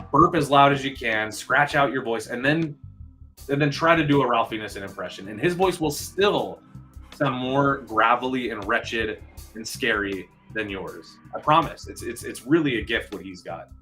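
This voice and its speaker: A man hosting a live movie news stream, chatting excitedly with viewers and answering their comments. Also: mid-range voice, normal speed, soft background music.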